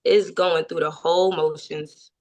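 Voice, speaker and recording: A woman's voice: low-pitched, little pitch movement, a little slow. A woman running a sales team training, talking energetically and checking in with frequent tag questions.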